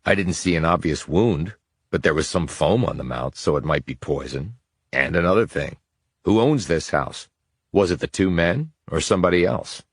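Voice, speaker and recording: A man voicing a blunt male FBI investigator, in a whispered role-play audiobook reading, calm and flat. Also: deep voice, moderate pace, husky, no room sound, studio quality, heavily acted.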